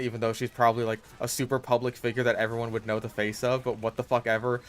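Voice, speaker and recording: A man's voice: medium pitch, level tone, slight background noise. Exasperated sweary male gameplay commentator. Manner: halting, restarts with lots of "like". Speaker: gaming YouTuber.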